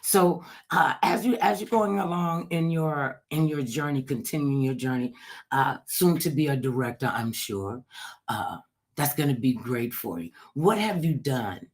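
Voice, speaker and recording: A woman hosting a casual interview chat, telling stories in a lively comic way and acting out the voices of the people she quotes. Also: extremely low pitch, unhurried. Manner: animated comic storyteller, acts out quoted voices. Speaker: talk show host.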